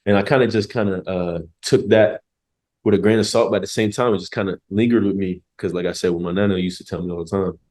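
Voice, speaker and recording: A young man with a deep, low voice tells a story as a podcast guest. He talks quickly and loosely, full of slang, jokes and swearing. His delivery stays casual and laid-back. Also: fairly even intonation, a little mellow. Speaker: podcast guest, former college football player.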